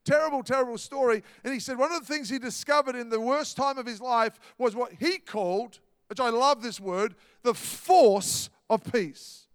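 High-voiced pastor in a hall. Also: male voice, fairly quick, few pauses, fairly bright tone, smooth, studio quality. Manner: emphatic, repetitive preaching with storytelling. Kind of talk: sermon.

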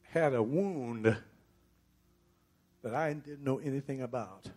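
A man's voice: medium pitch, slow, a little mellow. A middle-aged man preaching a sermon in a conversational storytelling way, slipping into the voices of the people he tells about.

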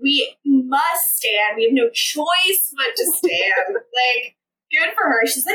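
A young woman with a high, bright voice that swings widely in pitch as she recaps a show, sarcastic and animated, swearing freely. She sits a little back from the mic, with a faint hiss underneath. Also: slow, distant mic, rough recording. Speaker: podcast host. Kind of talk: casual recap chat.

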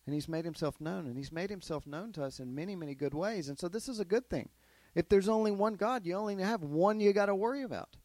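Man, children's Bible teacher, quizzes the kids, higher voice, dry close sound. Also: quick pace, dry recording. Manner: asks the kids questions, animated storytelling. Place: classroom with children.

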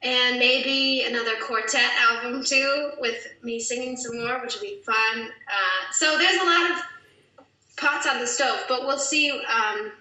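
A woman violinist chatting as a podcast guest, playful and giggly with quick asides. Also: a little high, sharp tone. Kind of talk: casual podcast interview. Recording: echoey room, distant mic.

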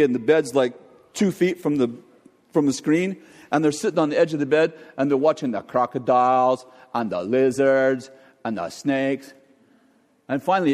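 An older man preaching a sermon, telling a jokey family story in an animated way. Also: medium pitch. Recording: long hall reverb.

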